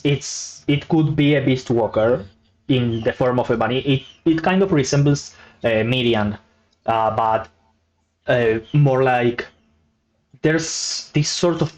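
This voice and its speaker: A man narrating a tabletop game as game master, halting with many fillers. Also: mid-range voice. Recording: muffled lo-fi audio.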